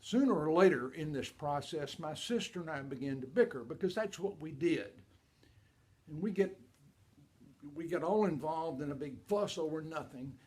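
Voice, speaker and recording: An older man from Kentucky telling a personal story to an audience, animated, swinging between loud and hushed. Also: on the high side, normal speed.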